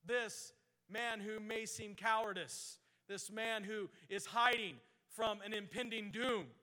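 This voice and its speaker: A man preaching a sermon, reading scripture slowly in old-fashioned wording and building to fervent exhortation. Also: sits high, pushed and bright, in a large hall. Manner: reads scripture in slow King James cadence, then builds to fervent exhortation.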